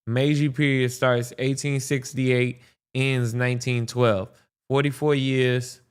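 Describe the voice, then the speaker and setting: A man's voice: mid-range voice, flat delivery, slow, smooth. A man hosting a podcast, reacting to a history video in casual, profane commentary, thinking aloud with restarts.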